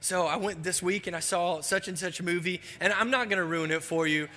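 A preacher putting on a jumpy young guy who just has to spoil the movie ending, stammers and can't hold back, high pitched, bright voice bouncing round a big hall. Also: brisk. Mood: eager.

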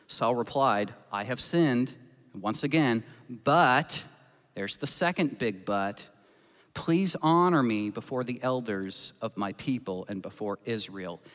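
A man's voice: mid-range voice, animated, slow, fairly bright tone. A man preaching a sermon as pastor, impassioned and acting out the voices he quotes. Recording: long reverb of a church hall.

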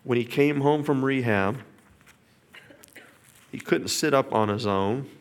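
A man's voice: mid-range voice, takes it slowly, clear, resonant tone. A middle-aged man giving an earnest, emotional personal testimony as a father. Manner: earnest, emotional storytelling with quiet whispered prayers.

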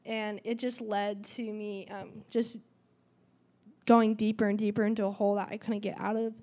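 Speaking at a normal pace in a mid-range, darkish voice with little pitch movement, a teenage girl shares her youth testimony at church. She's chatty, says "um" and "like" a lot, and performs the quoted dialogue.

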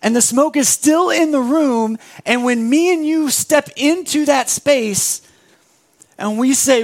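A young adult man preaching a sermon with a gravelly voice, animated, acting out other voices as he tells the story. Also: very high-pitched, a little slow. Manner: animated, acts out voices of biblical figures. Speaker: pastor.

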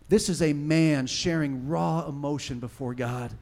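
A man preaching a sermon with passion, moving from hushed talk to shouting and reading scripture with dramatic emphasis. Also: a little high, measured pace, creaky. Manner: impassioned, swinging from hushed to shouting. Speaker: pastor.

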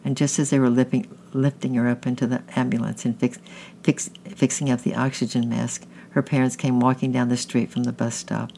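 A man's voice: medium pitch, level tone, a little fast, creaky, dark tone, a little hiss or hum. Man reading a novel aloud, stumbling. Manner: plain reading with frequent slips and restarts. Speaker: audiobook reader.

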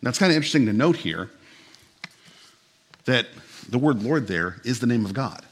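Husky-voiced male pastor preaching. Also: mid-range voice, lively intonation, moderate pace. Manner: conversational storytelling with humor. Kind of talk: sermon.

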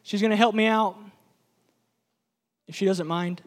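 A man's voice: high-pitched, steady tone, unhurried, a little hiss or hum. A man preaching a sermon at a church service, speaking with passion in repeated, building phrases.

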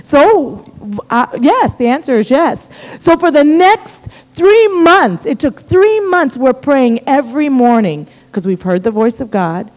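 A middle-aged American woman, a missionary, telling a story in a sermon with humor and a conversational, animated manner. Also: high voice, unhurried. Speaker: missionary guest speaker. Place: church sanctuary. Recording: reverberant church hall.

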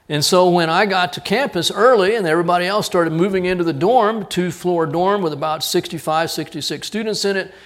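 A middle-aged male pastor preaching a sermon, telling a personal story with animated acted-out dialogue. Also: on the high side.

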